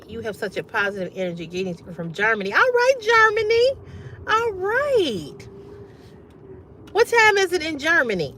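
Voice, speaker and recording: A woman hosting a casual livestream, chatting with viewers, reading their comments aloud and often bursting into loud laughter. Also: mid-range voice, slight background noise. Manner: animated, reads comments aloud and reacts. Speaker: livestream host.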